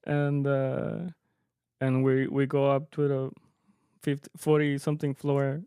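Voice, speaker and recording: A man co-hosting a podcast, telling a gig story in relaxed chat and switching between English and Spanish. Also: mid-range voice, measured pace, clear, resonant tone, no echo, clean studio sound. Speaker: podcast co-host, mariachi musician. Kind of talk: casual chat.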